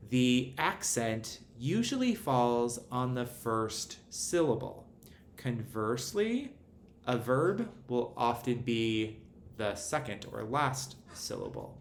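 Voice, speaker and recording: A man giving a recorded lesson, explaining things in a measured, methodical way. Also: mid-range voice. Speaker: literacy instructor. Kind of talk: recorded lecture. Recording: roomy echo, faint ambient noise.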